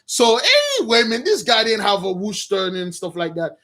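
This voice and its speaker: A man's voice: high-pitched, brisk, a bit bright. A man, a Bible teacher, retelling a Bible story in a rambling, slangy way with many restarts.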